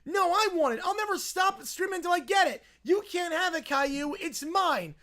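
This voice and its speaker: A man voicing a whiny, bratty little boy who screams his demands over and over in a shrill whine. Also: lively intonation, moderate pace, sharp tone, full character voice. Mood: whining. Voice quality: shrill whining.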